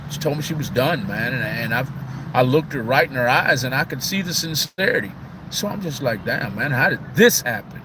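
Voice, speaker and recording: A man's voice: medium pitch, animated, a little fast. Sad guy on a live stream almost crying, keeps saying man and y'all, faint traffic outside. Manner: emotional, heartbroken, repetitive with "man" and "y'all". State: on the verge of tears. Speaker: livestream host. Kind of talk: casual live-stream talk.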